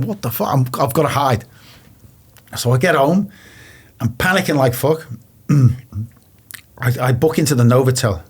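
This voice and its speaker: A man from England sits as a guest and tells his story in a blunt, plain way, swearing freely. His pitch sits in the usual middle range. He acts out the old phone calls in quoted voices as he goes. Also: breathy edge. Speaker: interview guest. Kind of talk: casual storytelling.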